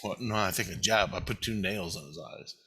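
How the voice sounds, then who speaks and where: Vlogger, male, bright forceful voice, rambling and heavily profane delivery. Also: sits low, a little fast, slightly rough. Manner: profane, agitated, swears constantly. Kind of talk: rambling first-person monologue.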